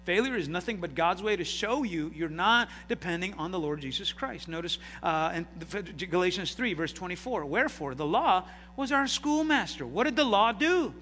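A man preaching a sermon, calling out to the congregation for responses and swinging sharply between loud and quiet delivery. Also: sits high, lively intonation, moderate pace, hardly any pauses, big-room sound, slight background noise. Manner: call-and-response preaching, dramatic swings in loudness. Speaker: pastor.

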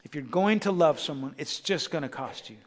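Fervent high-voiced preacher in a reverberant hall. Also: male voice, expressive, brisk. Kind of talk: sermon.

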